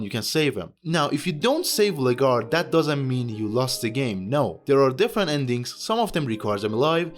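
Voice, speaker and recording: A young man giving casual game commentary in a rambling, sardonic way with jokey asides. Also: medium pitch. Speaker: video game YouTuber.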